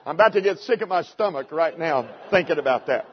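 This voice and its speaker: A man's voice: a little high, lively intonation, fast talker, a little hiss or hum. A man, talking to his congregation and throwing rhetorical questions at them. The recording sounds dull and lo-fi. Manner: conversational preaching with rhetorical questions. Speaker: pastor. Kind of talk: sermon.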